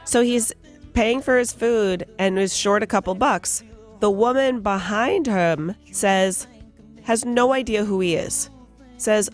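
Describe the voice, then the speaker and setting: A woman co-hosting a morning radio show, reading entertainment news and telling stories briskly. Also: medium pitch, soft background music. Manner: brisk storytelling, bright laughs.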